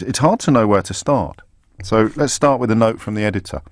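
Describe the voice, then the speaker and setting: A man's voice: fairly low pitch, a little fast, dry recording. Sarcastic male radio host, dry studio. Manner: sarcastic, mocking asides. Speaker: radio talk show host. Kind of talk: live radio commentary, reading aloud on air. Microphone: studio microphone.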